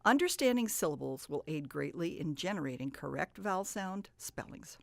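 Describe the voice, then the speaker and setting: A woman's voice: low voice, expressive, normal speed, creaky, no room sound. A woman teaching reading, who explains patiently and stretches out words to model the sounds. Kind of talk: instructional talk.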